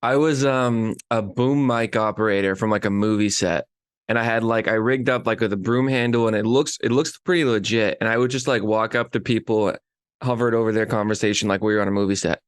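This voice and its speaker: A young man co-hosting a podcast, chatting casually in a relaxed, halting way. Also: on the low side, smooth, no room sound, studio quality. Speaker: podcast co-host. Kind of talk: casual chat.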